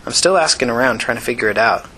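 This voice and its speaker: A man's voice: medium pitch, lively intonation, bright, forceful tone, slight background noise. A man putting on a touchy young woman. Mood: earnest. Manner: defensive, quick to anger.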